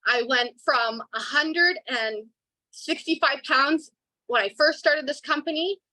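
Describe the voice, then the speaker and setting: Twenties woman, earnest emotional testimonial, high and bright, dry. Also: measured pace, no room sound, rough recording. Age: 20s. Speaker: customer giving a testimonial. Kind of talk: casual online call testimonial.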